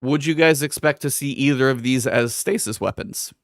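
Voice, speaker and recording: A man in casual podcast chat, venting about game changes in an exasperated, ranting way. His voice sits at an ordinary middle pitch. It is recorded close and dry, with no room sound. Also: moderate pace, no echo. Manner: ranting, exasperated, reads chat messages aloud. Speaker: podcast co-host.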